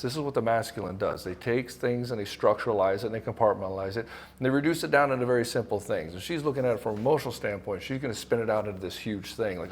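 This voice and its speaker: A man's voice: medium pitch, fast. A middle-aged man coaching married men straight to camera, blunt and casual, swearing freely and acting out the voices of the people he quotes. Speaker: relationship coach. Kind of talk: direct-to-camera coaching talk.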